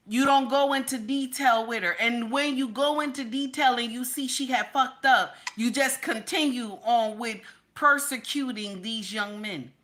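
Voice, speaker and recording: A woman's voice: high voice, pushed and bright. A middle-aged woman giving casual, emphatic reaction commentary, repeating her points in a preachy way.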